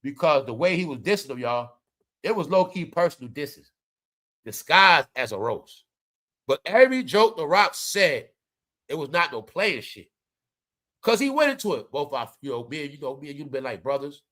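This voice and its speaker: A man giving animated, slangy casual commentary, often turning to his viewers. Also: a little high, normal speed. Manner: animated, slangy, keeps addressing the audience. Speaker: commentary vlogger.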